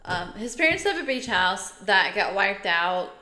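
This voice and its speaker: A woman's voice: mid-range voice, sing-song, a little slow, pushed and bright, a little hiss or hum. A middle-aged woman co-hosting a podcast, chatty and exclamatory in casual talk. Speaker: podcast co-host. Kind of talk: casual chat. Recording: echoey room.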